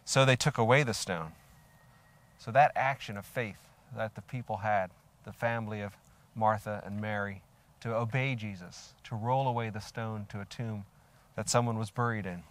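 A man's voice: lowish voice, fairly even intonation, normal speed. An older man preaching a sermon, earnest and reflective, asking his listeners direct questions and reading scripture aloud with rising emphasis.

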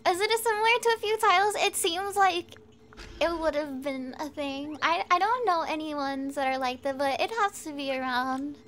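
A woman's voice: high-pitched, normal speed, a bit bright, slight background noise. A woman streaming a video game, chatting casually with her viewers, swearing and laughing often. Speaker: VTuber streamer. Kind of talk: casual gameplay commentary.

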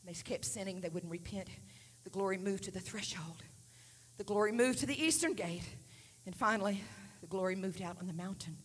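A woman preacher giving a Pentecostal sermon in a church, dropping to hushed whispers while telling a story and rising to loud shouts as she preaches. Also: medium pitch, fairly quick, husky. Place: church sanctuary. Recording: live sermon in a reverberant hall, faint hum.

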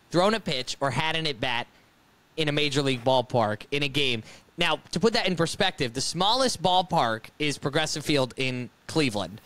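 Bright-voiced male podcast co-host. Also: a little high. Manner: explains stats with emphatic build-up. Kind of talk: casual chat.

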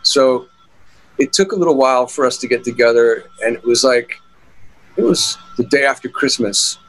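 A man's voice: medium pitch, moderate pace, fairly bright tone, poor audio. A middle-aged man, a guitarist, telling stories in an interview in a rambling way with many fillers and restarts. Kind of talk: casual interview storytelling.

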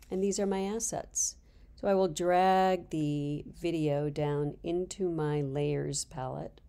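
A woman instructor calmly walking through a software tutorial step by step. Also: sits low. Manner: calm step-by-step explaining. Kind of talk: screen-recorded software tutorial.

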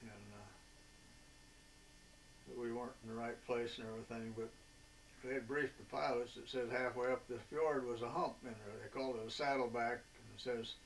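An elderly man in his eighties tells old war stories in a folksy, meandering way, stopping often on filler sounds. His voice stays level and flat. He sits away from the mic, with a faint hiss of background noise behind him. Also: medium pitch, vocal fry, far from the mic, poor audio. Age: 80s. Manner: folksy and rambling, with many filler pauses. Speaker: veteran interviewee. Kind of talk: oral history reminiscence.

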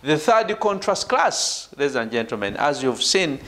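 A man from Uganda giving a university lecture, emphatic, with "right" and "ladies and gentlemen" tagged onto his phrases. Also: very animated, normal speed. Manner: emphatic, falls low at phrase ends. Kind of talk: academic lecture.

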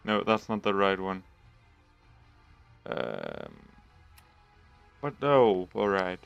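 A man hosts his own gaming video and comments on his play as it happens. His voice is smooth and clear and his pace is unhurried, though he breaks into loud swearing whenever the game surprises him. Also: low-pitched, huge pitch swings, dull audio, faint music behind. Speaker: gaming channel host.

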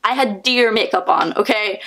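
A young woman with a Northern Irish accent, telling a story in a casual, animated vlog with lots of fillers. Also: medium pitch, moderate pace, creaky. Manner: chatty, animated, many fillers, laughs often. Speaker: vlogger.

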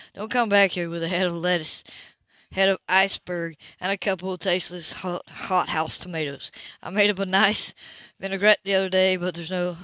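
A woman's voice: fairly low pitch, bright, forceful tone, no room sound, highs cut off. A woman doing a fussy exasperated young man.

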